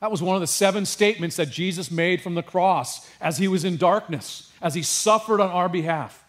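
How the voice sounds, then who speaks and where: A man preaching a sermon with passion, dropping to a hush and rising to emphasis, with casual asides to his congregation. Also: high voice, normal speed. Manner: passionate, swings from hushed to emphatic. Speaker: pastor.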